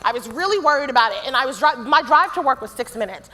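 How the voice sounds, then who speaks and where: A woman on a live panel telling an animated, self-deprecating story. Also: sits high, quick pace, a little hiss or hum. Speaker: panel guest, actress. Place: stage before a live audience.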